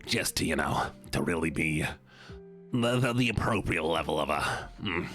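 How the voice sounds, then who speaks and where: A man voicing a male goblin king who is menacing and silly, with a deep, gravelly, drawn-out delivery. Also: expressive, fairly bright tone, faint music behind. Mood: musing. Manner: mock-threatening, drawn out. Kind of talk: live stream bit.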